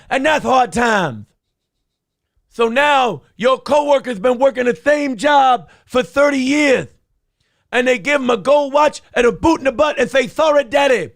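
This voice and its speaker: A man's voice: very high voice, no room sound, studio quality, voice pushed up. A man doing an impression of a brash older male wrestler, ranting in a folksy drawl and calling everyone daddy.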